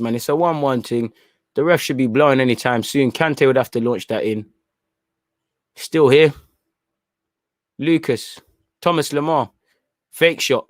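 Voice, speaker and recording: A young man hosting a live football watchalong, talking in an animated, slangy, opinionated way. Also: on the high side, dry recording, clean studio sound. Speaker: football channel host. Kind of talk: live match watchalong commentary.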